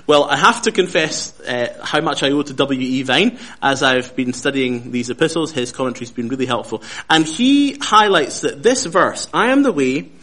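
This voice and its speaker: A man preaching a Bible study, measured and lively, who often repeats his key phrases for emphasis. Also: medium pitch. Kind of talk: sermon.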